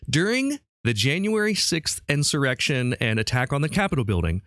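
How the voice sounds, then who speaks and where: Man, podcast quiz host, casual comedic banter, laughs often, medium pitch, dry close sound. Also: sing-song, moderate pace, a bit bright, no room sound. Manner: laughing often, chatty and upbeat. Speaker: podcast host quizzing a guest.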